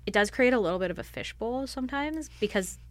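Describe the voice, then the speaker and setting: A woman's voice: fairly high pitch, lively intonation, quick pace. A woman on staff answering interview questions in a thoughtful, explanatory way, often using "like" as a filler. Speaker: library staff member.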